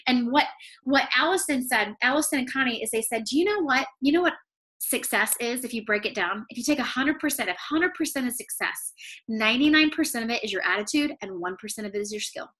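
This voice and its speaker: A woman with a high, light voice giving a motivational pep talk to her sales team. She talks in a chatty, looping way, dropping "like" and "okay?" into nearly every sentence. Her voice gets emotional and close to tears in places. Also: lively intonation, fairly quick, a bit bright. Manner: emotional, near tears at times.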